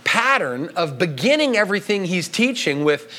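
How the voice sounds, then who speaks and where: A pastor with a high-sitting, bright, pushed voice preaches a sermon at a moderate pace, sounding very animated. His delivery to the congregation is emphatic and conversational, and he often checks in with his listeners.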